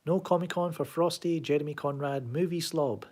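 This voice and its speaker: Husky Glaswegian man rambling on a stream. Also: fairly high pitch, moderate pace, a little mellow. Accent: Glaswegian Scottish. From Scotland. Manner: rambling, sardonic, reads chat aloud. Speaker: live stream host. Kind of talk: casual live stream chat. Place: home room.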